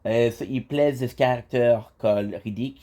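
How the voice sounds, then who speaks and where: A man doing a mock French movie reviewer, chatty and halting, leaning on filler words as he talks. The voice sits mid-range with a dark, mellow tone. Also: mid-range voice, close to an everyday voice. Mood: mock-formal.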